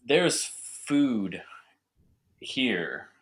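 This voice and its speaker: A young North American man speaks extremely slowly in a medium-pitched, sing-song, slightly bright voice. Interviewed casually as a winemaker guest, he talks eagerly and rambles, using lots of fillers.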